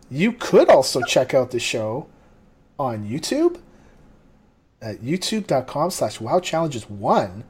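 A man co-hosting a podcast in a loose, chatty sign-off. He laughs often, rambles, and pokes fun at himself. His voice sits at an everyday middle pitch. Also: very animated, takes it slowly, pauses often, darkish tone, slight background noise. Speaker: podcast co-host. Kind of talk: casual podcast sign-off chat.

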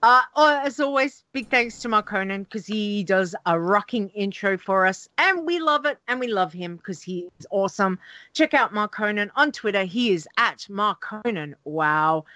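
A woman's voice: medium pitch, lively intonation, moderate pace, pushed and bright, dry recording. Upbeat woman podcast co-host, dry sound. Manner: upbeat and teasing, spells out handles. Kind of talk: casual podcast sign-off chat.

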